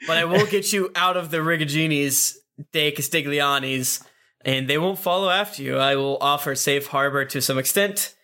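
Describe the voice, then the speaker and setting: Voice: medium pitch, normal speed. A player in a tabletop game who jokes around and giggles between lines. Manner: loud, giggly, jokey. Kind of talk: playing a character in a tabletop game.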